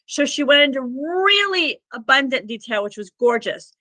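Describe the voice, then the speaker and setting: Here a woman appears as a guest on a podcast, an Akashic records practitioner and healer spinning conversational stories in a sincere, meandering way with plenty of "like" fillers. She speaks at a normal pace in a high, expressive voice that sounds pushed and bright. There's no room sound, though the audio is poor.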